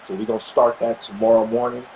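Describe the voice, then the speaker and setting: A man casually telling a personal story, animated and repeating himself as he acts out what was said. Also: quick pace, creaky, slight background noise, rough recording. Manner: animated, acts out quoted dialogue with pitch jumps; repetitive, stumbling restarts. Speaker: vlogger sharing a family update.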